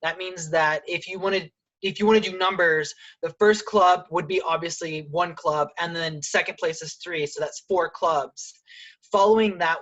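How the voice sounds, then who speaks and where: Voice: medium pitch, a bit bright, dull audio. A meeting host on a video call gives club updates and formally introduces the next speaker. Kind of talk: meeting announcements.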